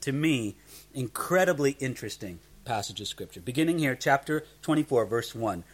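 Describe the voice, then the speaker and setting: A man teaching a Bible passage verse by verse, earnest, often repeating words as he starts a sentence. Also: mid-range voice.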